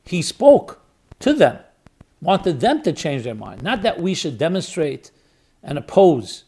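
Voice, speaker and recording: A man's voice: fairly high pitch, big pitch swings, measured pace, dark tone, slightly rough. A man, a rabbi and podcast host, gives an emphatic spoken lecture, repeating key words for stress and asking rhetorical questions. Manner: weighs arguments aloud, asking rhetorical questions.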